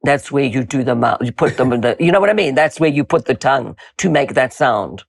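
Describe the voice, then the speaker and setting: A South African actress and dialect coach speaks with a South African accent in a deep, gravelly voice that moves fairly quickly with lively intonation. During an interview conversation, she acts out sounds and pronunciations as she goes.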